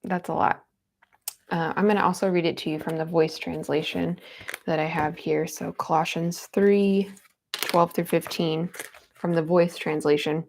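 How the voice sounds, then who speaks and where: Woman on a live chat, low gravelly voice, earnest and tender. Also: fairly even intonation, a little slow, a little mellow. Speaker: livestream host. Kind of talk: casual heartfelt live chat.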